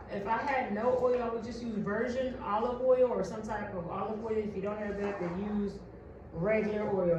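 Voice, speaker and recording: A woman's voice: medium pitch, lo-fi sound. A woman giving a casual how-to chat to her viewers, loose and talkative, calling them "you guys". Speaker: spiritual vlogger. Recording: very echoey room, far from mic, noisy.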